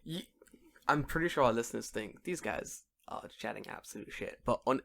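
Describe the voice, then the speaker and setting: Young man, casual podcast chat, lively pitch, acts out quoted voices, salty language. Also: normal speed, gravelly, a little hiss or hum. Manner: animated storyteller, swears freely, acts out quoted voices. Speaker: podcast co-host.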